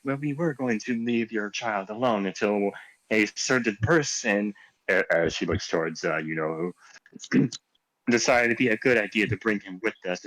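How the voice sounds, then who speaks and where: A man's voice: fairly low pitch, a bit bright, no room sound, low-quality recording. Hesitant man playing a tabletop game. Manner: hesitant, many fillers and restarts. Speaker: player. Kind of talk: tabletop game role-play.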